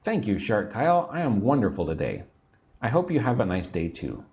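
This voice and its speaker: An American man giving a livestream English lesson, repeating phrases clearly and greeting viewers by name. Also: lowish voice, sing-song, fairly quick, a little mellow. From United States. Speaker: English teacher.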